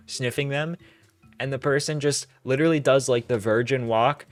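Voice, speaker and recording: A man's voice: mid-range voice, fairly quick, no room sound. A young man hosting a casual commentary, sarcastic and exasperated, with many fillers. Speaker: commentary host.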